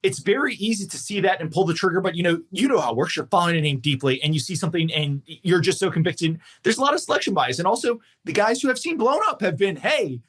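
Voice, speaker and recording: A man's voice: high voice, lively intonation, fast, hardly any pauses, a bit bright, slightly rough. A man hosting a podcast, asking long, rambling questions full of acted-out quotes. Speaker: podcast host. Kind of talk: casual interview talk.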